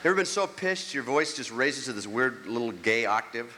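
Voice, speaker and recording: Animated ranting stand-up comedian in a hall. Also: male voice, brisk. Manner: animated, ranting, swings between grumbling and squeaky outbursts. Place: large theater on stage. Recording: echoey hall, clear crowd noise. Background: audience.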